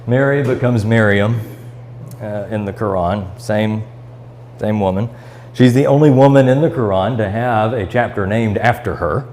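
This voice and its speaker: In a church classroom, a Midwestern American man with a fairly low, slightly mellow voice teaches Bible study at normal speed. He reads scripture aloud and explains it, with fillers and restarts along the way. The low-quality recording carries a little hiss or hum.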